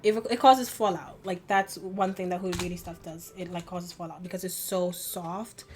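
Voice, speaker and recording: A woman's voice: lowish voice, steady tone, normal speed, darkish tone, soft background music. A young woman chatting and venting while doing her makeup at home, rambling with many fillers. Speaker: beauty vlogger. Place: home bedroom at a vanity.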